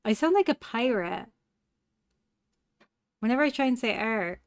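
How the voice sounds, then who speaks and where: A woman's voice: fairly high pitch, expressive, normal speed, pauses often, dry recording, clean studio sound. Chatty Cork Irish woman streaming. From Cork, Ireland. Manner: chatty, playful and self-mocking, often laughing. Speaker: live streamer. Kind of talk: casual live-stream chat while crafting.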